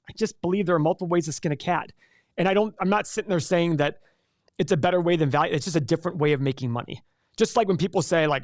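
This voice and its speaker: A man's voice: fairly high pitch, fast, dry recording, clean studio sound. A man hosting a casual live stream and answering viewer questions in a chatty, rambling way with frequent restarts. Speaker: livestream host.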